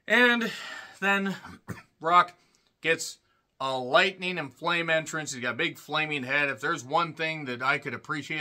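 A man giving a casual solo wrestling review, sarcastic and irreverent, who often clears his throat and breaks into loud bursts. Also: mid-range voice.

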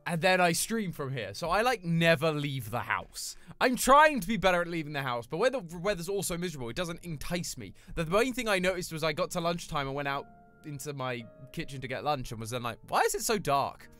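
Young british guy rambling on his stream in a tiny room, soft guitar music under it. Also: fairly high pitch, very animated, fairly quick. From Britain. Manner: chatty, rambling, answers chat readers. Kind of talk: casual chat with live chat. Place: small home room.

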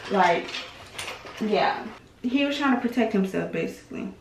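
A woman's voice: medium pitch, animated, normal speed. A young woman, chatting casually as she recaps online drama, full of fillers and hedges. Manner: chatty, filler-heavy, hedging with "allegedly". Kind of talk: casual gossip commentary. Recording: echoey room.

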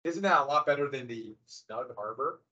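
In a dull, lo-fi classroom recording, a middle-aged man teaches history to high schoolers in a chatty lecture style full of dry sarcasm. He speaks at a moderate pace in a mid-range voice, with lively intonation and a sharp edge.

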